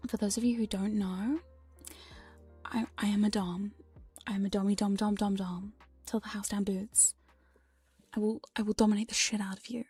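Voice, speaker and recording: A woman's voice: mid-range voice, warm tone, slightly rough, no echo. A young woman whispering a playful, frank ASMR chat as a streamer.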